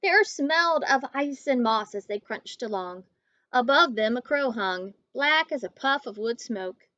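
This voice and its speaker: A woman teacher reading a picture book aloud to children, expressive, stopping to talk to her students. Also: on the high side, unhurried, no echo, lo-fi sound.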